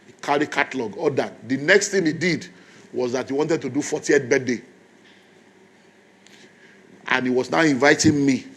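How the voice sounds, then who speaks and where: A man's voice: medium pitch, normal speed, pauses often, fairly bright tone, slightly rough. A man, a pastor telling a story in a sermon in an emphatic, conversational way.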